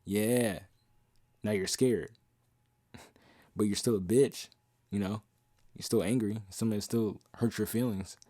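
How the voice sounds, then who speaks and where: The young podcast host has a lowish, dark voice with fairly even intonation, normal speed and frequent pauses. His casual monologue is passionate, blunt and profane, with quoted lyrics half-sung, captured dry at studio quality.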